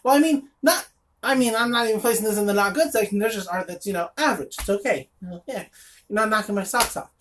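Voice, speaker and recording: A woman's voice: medium pitch, fast talker, slight background noise. A woman reviewing a comic in casual chat, blunt and sarcastic, with lots of fillers and asides.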